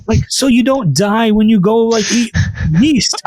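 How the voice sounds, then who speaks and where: A middle-aged man, a cardiologist, talking casually on a podcast in an animated way, often slipping into quoted voices. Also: high-pitched, moderate pace.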